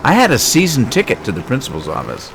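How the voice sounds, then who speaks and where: A man's voice: mid-range voice, huge pitch swings, fast talker, gravelly, a bit bright, a little hiss or hum. A middle-aged man live-streaming a farming game, chatting and joking as he reads the chat aloud.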